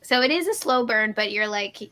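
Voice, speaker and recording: A woman's voice: fairly high pitch, moderate pace. A woman guest chatting on a livestream, telling stories with lots of laughs. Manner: animated storyteller, laughing often. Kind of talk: casual chat.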